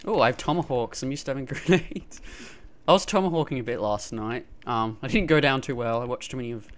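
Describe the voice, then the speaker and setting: A man giving live gameplay commentary through a gaming headset, excitable and quick to yelp and laugh in fights. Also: mid-range voice. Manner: excitable, frequent yelps and laughs during fights. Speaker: gamer.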